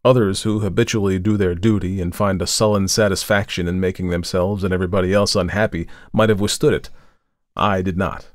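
A man narrating a short story in a measured, dramatic storytelling manner. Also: deep voice, fairly even intonation, no room sound, clean studio sound. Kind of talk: scripted audiobook narration.

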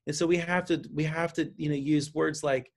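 A man speaking as a counselor guest in an interview, explaining parenting advice with lively delivery and frequent restarts. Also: a little high, brisk, creaky. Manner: animated, acts out parent and child lines, frequent restarts. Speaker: counselor and author.

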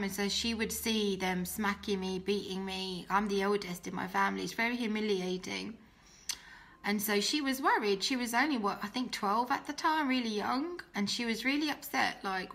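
A young woman giving an emotional personal testimony, earnest and often dropping to a soft voice. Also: mid-range voice, normal speed. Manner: earnest, emotional, drops soft and quiet when quoting herself. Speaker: guest telling her testimony.

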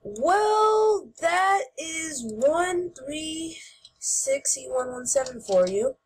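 A woman giving playful gameplay commentary as host, goofy and shouting mock-angrily at other players. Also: high-pitched, big pitch swings, drawn-out words.

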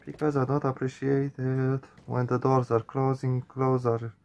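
A man's voice: medium pitch, completely flat delivery, measured pace, creaky, a little mellow. A man doing reaction commentary on a horror game, jumpy and on edge, swearing often and addressing viewers as man and guys. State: nervous, on edge. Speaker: gaming channel host.

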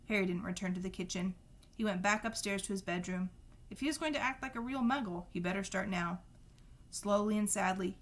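A woman reading a novel aloud at a steady storytelling pace, with a few small slips and restarts. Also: mid-range voice. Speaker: reader.

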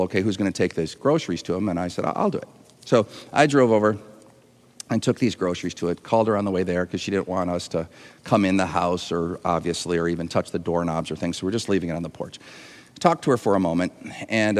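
A man's voice: deep voice, long reverb tail. A man preaching a sermon to an online audience, earnest and emotional, often restarting and repeating words. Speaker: pastor. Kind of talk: livestreamed sermon.

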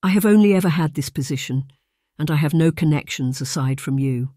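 A man voicing a gentle, anxious young governess who speaks quietly and politely in an audiobook. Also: a little high, fairly quick, no echo, clean studio sound, close to an everyday voice. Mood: earnest.

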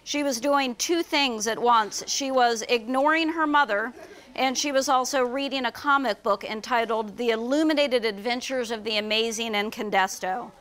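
High-voiced woman reading her children's book. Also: moderate pace. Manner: lively, storytelling with fillers. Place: bookstore event.

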